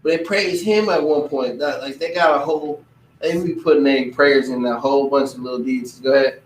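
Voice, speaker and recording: A man giving a casual religious teaching, animated and often mimicking other people's voices. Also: mid-range voice, fairly quick, a little hiss or hum. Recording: echoey room, distant mic.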